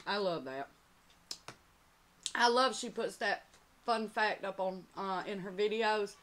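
Bright-voiced woman hosting an eating show. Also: mid-range voice, slow pace, slight background noise. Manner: chatty, addresses viewers as y'all. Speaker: mukbang channel host. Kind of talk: casual eating-show chat.

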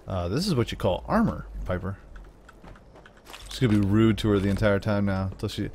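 A man's voice: on the low side, animated, brisk, a little mellow, slight background noise. A man giving let's play commentary as a gaming channel host, joking and teasing the game characters.

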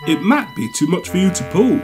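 A man voicing a proud, gentlemanly heavy engine with a loud, clipped delivery, with music behind. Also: on the high side, wildly swooping pitch, normal speed, voice pushed up. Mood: proper.

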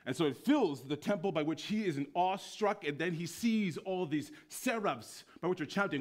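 A man's voice: a little high, expressive, moderate pace, hardly any pauses. A man preaching a sermon in church. He tells stories playfully and acts out the voices he quotes.

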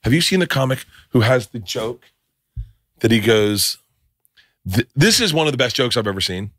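A man's voice: medium pitch, big pitch swings, moderate pace, a bit bright, dry recording, clean studio sound. A man hosting a podcast, telling profane anecdotes in casual chat and acting out the quotes. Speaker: podcast host.

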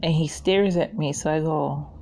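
A woman's voice: low voice, fairly even intonation, normal speed, gravelly, a little mellow, slight background noise. Chatty New woman, rambling. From New York. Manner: rambling storyteller, laughs often. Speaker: craft channel host. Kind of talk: casual chat while crafting.

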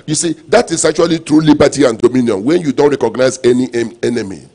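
A man preaching a sermon, his voice sitting at an ordinary middle pitch. He repeats his refrains and leans on call-and-response. Quiet, low asides give way to sudden loud, emphatic bursts. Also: expressive, fast talker, few pauses. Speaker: pastor.

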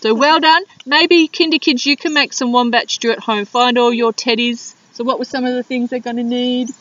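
A woman teacher reading a picture book aloud to young children in an animated, drawn-out way. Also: a little high, recorded from a distance. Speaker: primary school teacher. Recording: dull lo-fi video sound.

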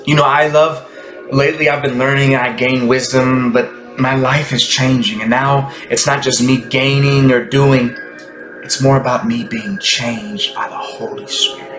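A man speaks in a rambling, rapturous stream about spirit and faith, at times sinking to a whisper. His mid-pitched voice rings in a roomy space. Music plays clearly underneath. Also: fairly even intonation, measured pace. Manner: rambling, ecstatic, drifting into hushed whispers. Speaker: Christian content creator. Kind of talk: spontaneous spiritual monologue. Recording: echoey room with music behind.

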